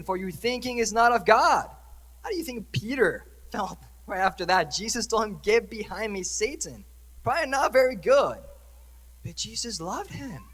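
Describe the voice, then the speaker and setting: A man's voice: high voice, fairly bright tone, breathy edge. A young man, a priest, preaching a conversational sermon and asking the congregation questions. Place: church. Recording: church hall reverb.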